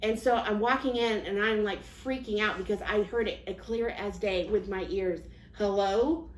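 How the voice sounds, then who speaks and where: A woman psychic medium recounts her own experience in loose, rambling speech full of restarts and fillers. Her voice sits at a middling pitch, and the recording is roomy with faint background noise. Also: normal speed. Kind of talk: casual personal storytelling.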